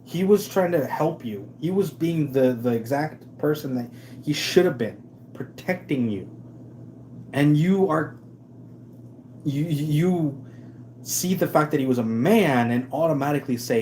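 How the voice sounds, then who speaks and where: A man's voice: on the high side, expressive, a little slow, darkish tone, slight background noise. A man hosting a live stream, ranting in a sarcastic, emphatic way with many restarts. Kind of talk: casual ranting commentary.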